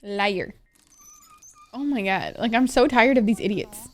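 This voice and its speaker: A woman's voice: medium pitch, a little slow. A young woman from Egypt giving casual reaction commentary on an anime, exasperated, swearing and venting at the characters.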